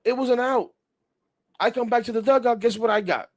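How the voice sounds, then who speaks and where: A middle-aged man hosting a casual sports podcast, talking in an animated, rambling way, swearing freely and getting heated. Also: very high voice, brisk. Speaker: podcast host.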